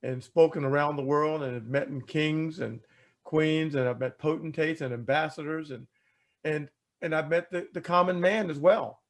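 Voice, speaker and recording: A man telling a personal story in an animated way, asking rhetorical questions and repeating words as he talks. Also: on the high side, moderate pace. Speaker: speaker telling a life story. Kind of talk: storytelling talk.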